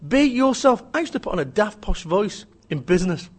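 A man's voice: sits high, big pitch swings, brisk. A man, an author and business speaker, talking in a blunt, ranting way, often mimicking other people's voices. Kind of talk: energetic interview talk.

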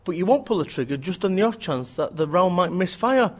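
A man's voice: sits high, expressive, a little fast, husky. A man, an author and business speaker, giving a blunt, emphatic, joking rant in an interview.

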